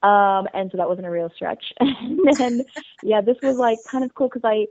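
A woman's voice: mid-range voice, normal speed, darkish tone, dry recording. A woman being interviewed, telling her story in a bubbly, rambling way with many fillers. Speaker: interview guest. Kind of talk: casual interview. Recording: dry, phone-like line.

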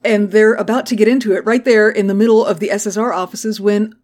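A woman's voice: medium pitch, fairly even intonation, a little mellow. A woman co-hosting a podcast, recapping a TV episode in casual, profane, laughing chat. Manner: profane, laughing, quick retelling with quoted voices. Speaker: podcast co-host.

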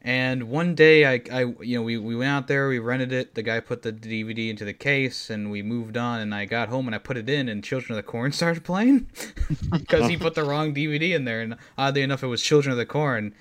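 A man's voice: mid-range voice, a little fast, a bit bright. A man chatting casually on a podcast, rambling through an anecdote and laughing at his own story. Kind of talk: casual podcast chat about a movie.

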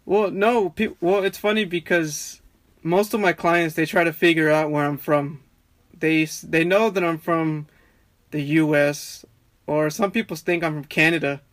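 Young man, from Texas, podcast guest, relaxed rambling talk, fairly high pitch, dry close sound. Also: measured pace, no echo. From Texas, USA. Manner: relaxed, rambling with frequent restarts. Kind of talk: casual conversation.

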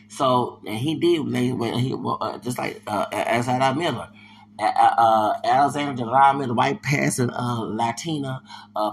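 A man from Houston, Texas, hosting a podcast, delivering a heated, slangy and repetitive rant of commentary with loud bursts of laughter. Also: mid-range voice, vocal fry, slight background noise. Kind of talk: ranting commentary monologue.

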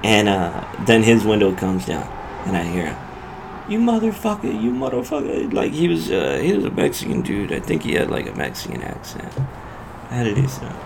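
A man's voice: low-pitched, expressive, moderate pace, vocal fry, background noise. A male podcast host casually telling a profane road-rage story in loose street slang.

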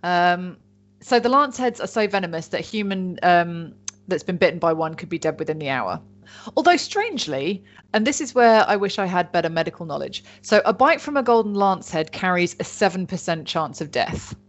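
A woman's voice: on the low side, big pitch swings, a little fast. A woman, casually telling a story on a chatty podcast and joking and swearing as she goes. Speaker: podcast host. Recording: dull lo-fi sound.

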